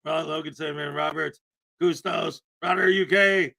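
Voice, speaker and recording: A man from Canada hosting a casual morning livestream, greeting viewers by name with loud, upbeat enthusiasm and a slightly rough throat. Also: on the high side, steady tone, a little slow. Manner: upbeat, greeting chat names with shouted enthusiasm. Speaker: livestream host.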